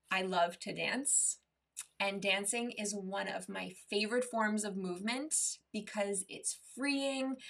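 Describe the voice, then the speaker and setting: A woman's voice: medium pitch, a bit bright. Upbeat woman running an online wellness session, encouraging, slightly distant mic sound. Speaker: mental health dietitian hosting a session. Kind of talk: online workshop talk and storytelling.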